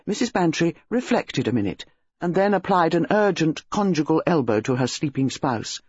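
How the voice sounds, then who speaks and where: An audiobook narrator reading a story in a measured, expressive way, in a dull lo-fi recording. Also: medium pitch, breathy edge, no room sound. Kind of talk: scripted narration.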